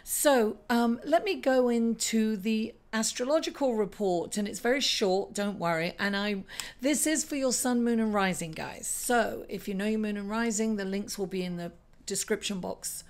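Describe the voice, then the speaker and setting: Chatty woman with a slightly raspy voice. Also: medium pitch, moderate pace. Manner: chatty, rambling, with many ums and asides. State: slightly raspy, hoarse from shouting. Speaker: astrology channel host. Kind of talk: casual astrology vlog talk.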